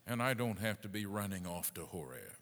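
A man's voice: deep voice, very animated, brisk. Dramatic preacher man in a reverberant hall. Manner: dramatic, wide swings between loud emphasis and hushed asides. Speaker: pastor. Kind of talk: sermon. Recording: long reverb of a large hall.

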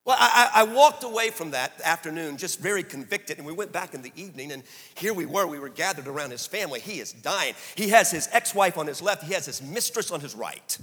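A middle-aged man delivers a sermon story in a bright, forceful voice that sits a little high for a man. He drops to a hush and then climbs to emphatic peaks. The sound rings with the long echo of a large hall. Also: brisk, few pauses, husky. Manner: animated, swinging from hushed to emphatic. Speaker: preacher. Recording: echoey hall.

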